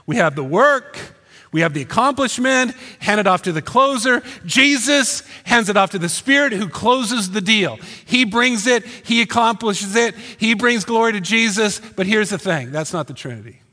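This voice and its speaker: A man preaching a sermon as pastor, animated and punchy, firing rhetorical questions at the congregation. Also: high voice, moderate pace. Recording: long hall reverb.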